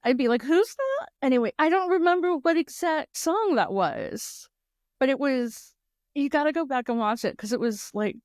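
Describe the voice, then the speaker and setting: A woman's voice: sits high, expressive, moderate pace, no room sound, clean studio sound. A woman co-hosting a podcast, chatting casually with lots of fillers and laughter. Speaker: podcast co-host. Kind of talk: casual chat.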